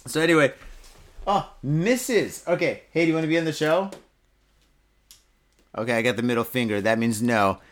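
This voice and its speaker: A man's voice: medium pitch, animated, normal speed, long pauses. Tipsy, foul-mouthed man rambling on a podcast. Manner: profane, rambling, laughing at his own jokes, tipsy. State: drunk. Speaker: podcast host. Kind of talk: casual podcast chat reading news stories.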